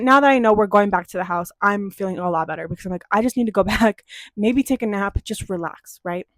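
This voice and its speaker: A young woman from Denver vlogging a casual storytime, animated and profane, acting out quoted voices. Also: medium pitch, no echo. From Denver, USA.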